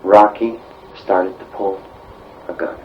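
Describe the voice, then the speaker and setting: A man's voice: sits low, little pitch movement, slow pace, a little hiss or hum. A man giving terse answers in an archived police interview. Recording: dull lo-fi archive tape.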